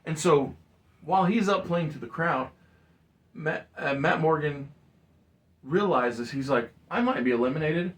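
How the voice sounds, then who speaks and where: A man narrating a wrestling match in casual play-by-play chat, acting out wrestlers' lines in animated storytelling. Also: fairly high pitch, takes it slowly, long pauses. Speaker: co-host, game narrator.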